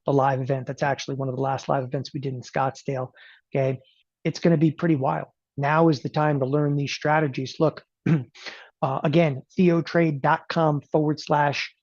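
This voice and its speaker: A middle-aged man giving a casual, emphatic sales talk for a trading event, rambling and often clearing his throat and tossing in "okay?" asides. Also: fairly high pitch, darkish tone, no echo, muffled recording. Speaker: trading educator promoting a live event.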